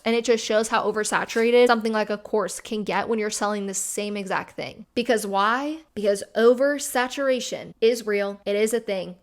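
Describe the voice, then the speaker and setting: A young adult woman giving critical commentary as a vlogger, explaining in a skeptical, steady way. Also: on the high side.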